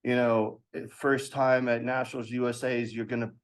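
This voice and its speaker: A man in his thirties, a podcast guest telling an animated story from his past and acting out the voices of others with laughs. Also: medium pitch, normal speed. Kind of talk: storytelling in a casual interview.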